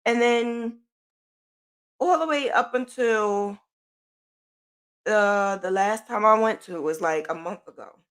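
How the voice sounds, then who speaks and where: Medium in pitch, fairly bright, clear, and resonant, this middle-aged woman's voice moves slowly with frequent pauses as she hosts a podcast. Her personal story rambles casually, sprinkled with "like" and "um," and she repeats herself.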